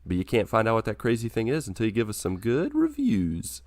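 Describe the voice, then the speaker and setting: A man's voice: lowish voice, wildly swooping pitch, brisk, a little mellow. A man hosting a casual podcast, joking around and wrapping up the show with playful sign-offs. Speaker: podcast host.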